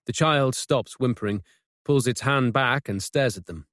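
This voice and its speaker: A man narrating a mystery audiobook in a measured, suspenseful way, on a close studio mic. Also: mid-range voice, a bit bright, no echo. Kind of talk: scripted narration.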